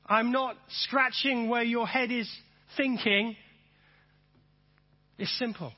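Emphatic preacher, high husky voice. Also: male voice, fairly even intonation, slow, long pauses, lo-fi sound. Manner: emphatic, repeats phrases and has the audience say them back. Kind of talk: sermon.

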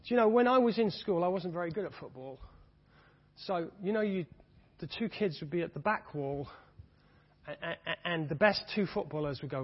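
A man's voice: high-pitched, brisk. A man preaching a sermon with fervent, rising and falling delivery, repeating his key phrases. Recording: dull reverberant hall sound.

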